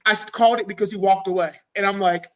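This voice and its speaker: A man's voice: high voice, quick pace, poor audio. A man, a guest fighter, retelling a fight in a casual podcast chat, swearing often and acting out what was said. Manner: animated storytelling, swears often, acts out his own quotes.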